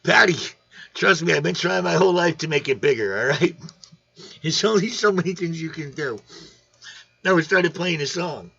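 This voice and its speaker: A man's voice: fairly high pitch, animated, normal speed, vocal fry, sharp tone, husky, highs cut off. A man hosting a casual fish livestream, rambling and joking while greeting viewers by name. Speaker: aquarium channel host. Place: home room.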